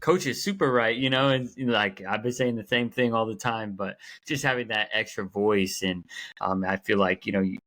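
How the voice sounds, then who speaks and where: A man's voice: lowish voice, steady tone, moderate pace, a bit bright. A man hosting a coaching podcast, asking long, rambling questions full of fillers. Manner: rambling questions with many fillers, laughs along. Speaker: podcast host. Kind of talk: podcast interview.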